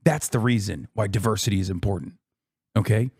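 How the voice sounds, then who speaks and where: Man, 30s, streamer; mellow, dry voice, swearing and exasperated, reading out his chat. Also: fairly low pitch, fairly quick, husky, no room sound. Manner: profane, exasperated, talks straight to chat with repeated "okay?"; whisper-screams to keep from waking a neighbor. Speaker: streamer reacting to a speech. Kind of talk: heated live-stream rant to chat.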